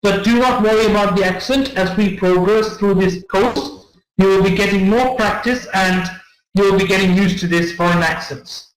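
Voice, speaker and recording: A man whose first language isn't English teaches an English test-prep class, explaining tips, repeating himself often and checking in with students. His voice is high and his pace moderate. The classroom lecture was captured on a room mic, so the audio is poor and reverberant.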